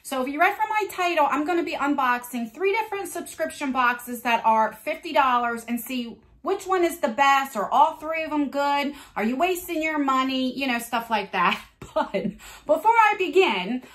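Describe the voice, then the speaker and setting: A middle-aged woman hosts a relaxed unboxing vlog, talking straight to her viewers. Her voice sits high and bright and swoops up and down as she chats. She laughs easily and fills her pauses with "um" and "you know.". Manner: chatty, laughs easily, frequent fillers. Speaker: beauty subscription box reviewer.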